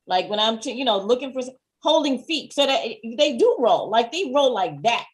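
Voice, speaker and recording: A woman co-hosting a casual TV review, chatty and quick to agree, with fast asides. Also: on the high side, very animated. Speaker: podcast co-host.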